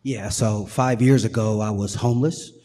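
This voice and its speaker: A man sharing his recovery story on stage, earnest and measured, with passion underneath. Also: lowish voice, fairly even intonation, dark tone. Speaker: guest speaker. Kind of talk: personal testimony. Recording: long hall reverb.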